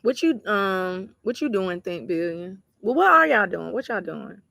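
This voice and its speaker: Talking a little slowly, with vocal fry and a medium pitch, this Georgia tarot reader keeps her livestream chat relaxed and chatty. She reads viewer comments aloud and speaks straight to "y'all" in a bright voice, captured with dry, clean studio sound.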